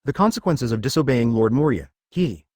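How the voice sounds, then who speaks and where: A man voicing a smug, frightened male crime boss in a flat, even reading, recorded close and dry. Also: mid-range voice, fairly quick, no room sound, close to an everyday voice.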